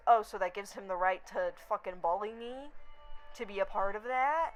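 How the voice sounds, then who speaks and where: A young woman vlogging, telling a story in a blunt, profane, animated rant. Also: medium pitch, fairly quick, faint music behind, low-quality recording. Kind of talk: casual rant to camera.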